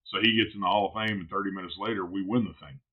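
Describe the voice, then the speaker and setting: Blunt, animated man telling stories. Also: low-pitched, rapid-fire, narrow, tinny audio. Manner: animated, blunt, swears freely, relives moments in quotes. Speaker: barbecue pitmaster guest. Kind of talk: casual podcast storytelling.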